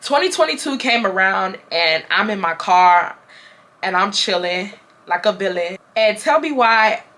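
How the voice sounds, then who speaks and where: A woman vlogger telling a personal story in a chatty, animated way, talking straight to her viewers on a camera mic. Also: mid-range voice, measured pace. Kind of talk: casual storytime chat.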